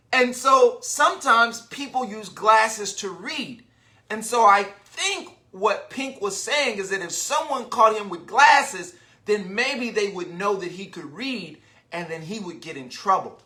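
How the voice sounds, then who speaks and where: A man reads a storybook aloud to young children, taking his time and letting his pitch rise and fall a great deal. His voice is bright and clear. He keeps breaking off to explain words and to ask his listeners questions. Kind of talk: reading a picture book aloud to children.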